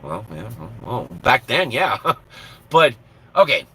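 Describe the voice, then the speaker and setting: A man's voice: mid-range voice, sing-song, takes it slowly, sharp tone, husky, rough recording. A man who drives a truck, chatting on his live stream from the cab in a blunt, profane, self-mocking way and laughing easily. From Minnesota, USA. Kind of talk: casual live-stream chat.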